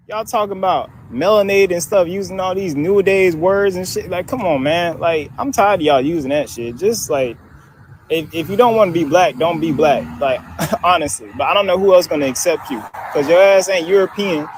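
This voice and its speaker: A man's voice: high-pitched, normal speed, slight background noise. A man from Africa ranting casually in a clip, blunt and profane, laughing through his points. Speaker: social media video maker. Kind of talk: casual video rant.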